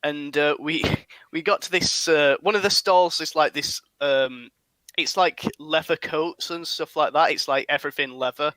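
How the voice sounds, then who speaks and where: A man's voice: a little high, moderate pace, bright, forceful tone, no echo. A young man from England, hosting a podcast and rambling through funny anecdotes, laughing often. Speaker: podcast host. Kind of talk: casual chat.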